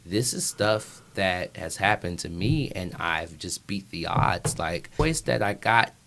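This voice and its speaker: A young man talking as a guest in a casual interview, earnest and emphatic, with sudden jumps in pitch. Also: animated, takes it slowly, gravelly, fairly bright tone, slight background noise.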